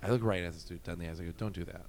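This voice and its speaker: Animated, profane storytelling man. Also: sits low, rapid-fire, creaky, slight background noise. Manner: animated, profane, laughs often. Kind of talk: casual storytelling.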